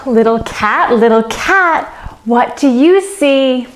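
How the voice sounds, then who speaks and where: Slow gentle woman leading kids yoga. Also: high-pitched, lively intonation. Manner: slow, soothing, with playful animal sounds. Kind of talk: gentle storytime yoga instruction.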